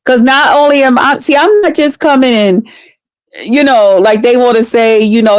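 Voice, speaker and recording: Chatting live with her viewers, a livestreamer in her fifties laughs a lot and replies to people by name. She has a fairly high voice at normal speed, and the recording is dry.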